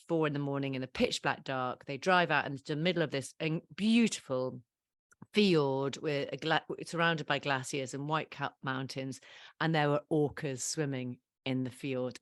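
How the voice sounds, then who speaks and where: A woman in her fifties, a podcast guest telling stories in a casual interview, animated and laughing often at her own mishaps. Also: deep voice, dry recording, clean studio sound. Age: 50s.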